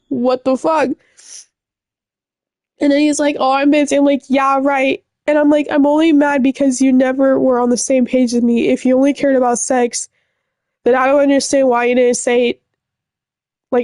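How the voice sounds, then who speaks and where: A young woman vlogger with a fairly high-pitched, darkish voice tells a breakup story to the camera in a casual storytime rant. Upset and rambling, she fills it with fillers and swearing, and the recording is dry and studio quality.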